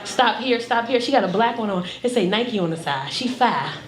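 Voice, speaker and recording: A woman stand-up comedian telling a profane story on stage, with big shouted punchlines over a laughing audience. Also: on the high side, expressive, moderate pace. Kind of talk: stand-up routine. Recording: echoey club with crowd laughter.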